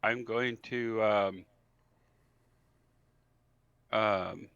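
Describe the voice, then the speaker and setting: A man plays a tabletop game, laying out each move slowly with many ums and pushing back on rulings. His tone is bright and a little tense. The mic sounds dry and somewhat dull. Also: on the low side, fairly even intonation, creaky, clean tone, no echo. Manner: halting, full of ums, questions the rules. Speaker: player. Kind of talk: casual tabletop game play.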